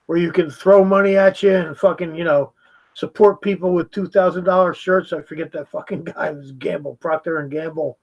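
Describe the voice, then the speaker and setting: A man's voice: fairly high pitch, steady tone, brisk, muffled recording. A man giving a heated, profane reaction commentary, mocking the video he is watching.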